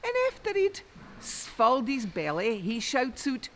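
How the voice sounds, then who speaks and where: A woman with a Doric Scots accent telling a traditional folk tale in rich dialect, lilting and expressive. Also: fairly high pitch, measured pace. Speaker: storyteller. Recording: long reverb.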